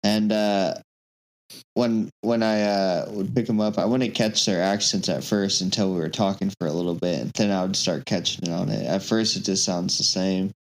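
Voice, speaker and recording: A relaxed man joining a casual podcast conversation. His voice sits somewhat low. He talks in an easygoing storytelling way. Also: moderate pace, rough recording. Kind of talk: casual chat.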